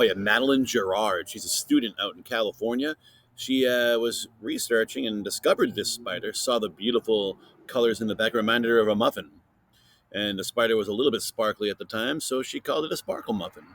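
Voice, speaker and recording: A man hosting a casual science podcast for kids, playfully interviewing a silent guest and filling pauses with chatter. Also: on the low side, fairly bright tone. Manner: chatty with many fillers. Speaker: podcast host.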